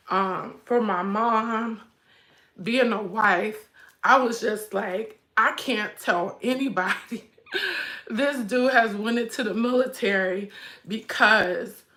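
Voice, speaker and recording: Middle-aged woman, livestream host, bright and forward tone, chatty with viewers and holding back tears. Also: mid-range voice. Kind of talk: emotional casual livestream chat.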